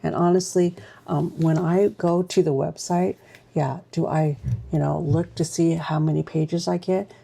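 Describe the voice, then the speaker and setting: Low gravelly woman gushing over stationery. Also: steady tone, unhurried, mellow. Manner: gushing, exclamatory, chatty with fillers. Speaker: stationery vlogger. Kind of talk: casual unboxing chat.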